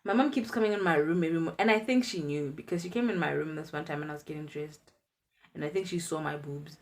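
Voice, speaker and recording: A woman in her twenties chatting through an animated storytime vlog. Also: low-pitched, fast. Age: 20s. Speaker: vlogger.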